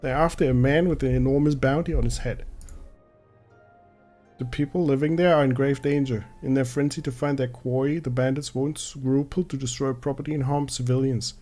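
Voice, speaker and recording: A proud, hot-tempered female guildmaster from a fantasy game lays out her plans with firm resolve, voiced by a man reading the dialogue. Her voice stays at a middle pitch with no real change of character. Faint music sits underneath. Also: steady tone, moderate pace, mellow, natural voice. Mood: determined. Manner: plain reading voice with occasional slips.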